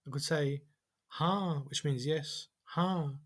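A man giving a whiteboard language lesson. He sounds out example phrases slowly and carefully. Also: on the high side, a bit bright. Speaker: language teacher.

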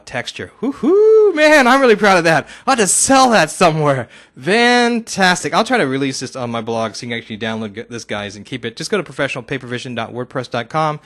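Casual man narrating a software screencast. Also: medium pitch. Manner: talks himself through each step, bursts into excited whoops. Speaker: software tutorial instructor.

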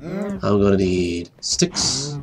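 A man rambling through a gameplay commentary, repeating himself, drifting off topic and dropping into excited whispers. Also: on the low side, drawn-out words, background noise. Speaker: gaming commentator. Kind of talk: rambling let's-play commentary.

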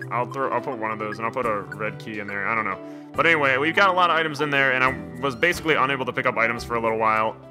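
A man's voice: mid-range voice, sharp tone. A young man giving casual, jokey commentary while playing a video game, rambling with lots of "like" and "man". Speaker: video game let's player.

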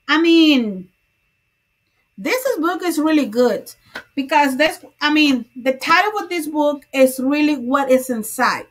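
A woman's voice: high-pitched, expressive, measured pace. A woman hosting a crochet livestream, chatting casually, greeting viewers by name and laughing often.

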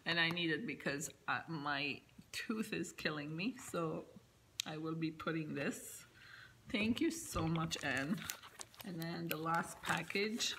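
Slow, gushing woman vlogger. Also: low voice, slight background noise, rough recording. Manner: gushing, often drops to a soft whisper. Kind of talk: unboxing chat to camera. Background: background music.

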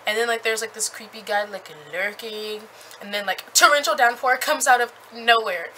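A young woman recapping a book in a chatty, animated way with lots of fillers. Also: fairly high pitch, normal speed, slight background noise, poor audio. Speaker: book reviewer.

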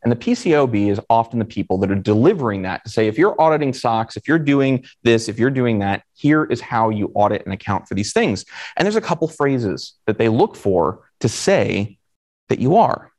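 Lively man giving a conference talk. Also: mid-range voice, a little fast. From Florida. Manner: conversational, asks the audience questions. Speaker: conference speaker.

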